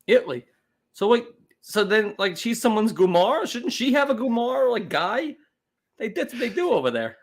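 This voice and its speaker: A man co-hosting a casual comedy podcast with a raspy, gravelly voice pitched a little high. He chimes in with quick, wisecracking remarks, and his pitch moves around a lot. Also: sing-song. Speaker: podcast co-host.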